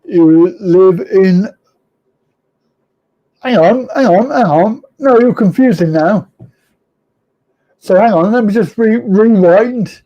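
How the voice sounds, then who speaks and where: Slow, mellow-voiced man chatting. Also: high voice, lo-fi sound. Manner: rambling, chuckling, self-correcting, teasing viewers. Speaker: host of a live chat show. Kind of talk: casual live-stream chat reading viewer comments.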